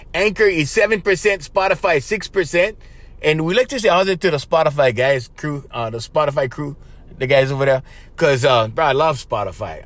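A man's voice: fairly high pitch, fairly bright tone, dry recording. A man with a Hawaiian Pidgin-influenced accent hosting a casual podcast monologue, laughing often and repeating himself. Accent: Hawaiian Pidgin-influenced English. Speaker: podcast host.

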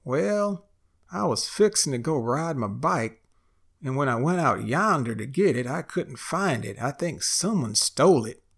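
A man voicing a down-on-his-luck friend with a folksy drawl and a gravelly voice. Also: medium pitch, animated, a little slow, fairly bright tone, full character voice. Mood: upset.

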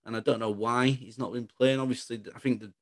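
A man's voice: medium pitch, steady tone, fast talker, dry recording. A man co-hosting a football podcast, chatting casually in a rambling, opinionated way.

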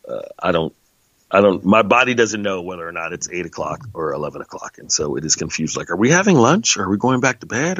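A man's voice: low voice, fairly bright tone, dry recording, lo-fi sound. A tired man hosting a podcast, rambling and joking loosely as he signs off, swearing now and then. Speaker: podcast host. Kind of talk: rambling casual sign-off.

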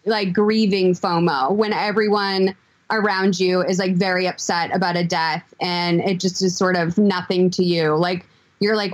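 A woman's voice: medium pitch, normal speed. A woman chatting as a podcast guest. She talks hesitantly, with many fillers and frequent "like". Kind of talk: casual chat.

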